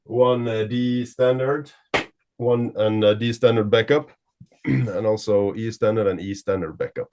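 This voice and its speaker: Low-voiced man chatting about gear. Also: steady tone, lo-fi sound, noisy background. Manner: halting, searches for words, many fillers. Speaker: guest guitarist. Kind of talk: casual gear chat.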